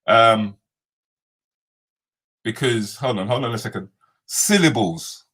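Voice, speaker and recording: Low husky man chatting on a stream. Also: fairly even intonation, slow, bright, forceful tone. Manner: chatty, laughing, talks back to commenters. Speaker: live stream host. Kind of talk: casual chat reading out viewer comments.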